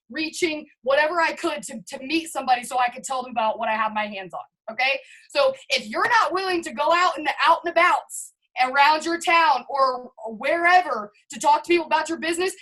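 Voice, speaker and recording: A woman's voice: sits high, fairly bright tone, low-quality recording. A woman who leads a network marketing team gives a hyped, emphatic pep talk over a video call, talking straight to her listeners.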